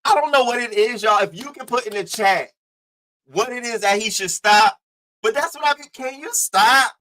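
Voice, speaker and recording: A man doing casual commentary to his live chat, animated, profane and mocking. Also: sits high, normal speed, low-quality recording. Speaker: commentary streamer.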